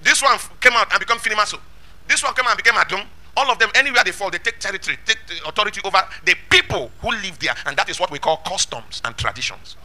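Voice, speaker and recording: A man preaching a sermon, emphatic, asking rhetorical questions and shouting lines of scripture. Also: high-pitched, animated, quick pace.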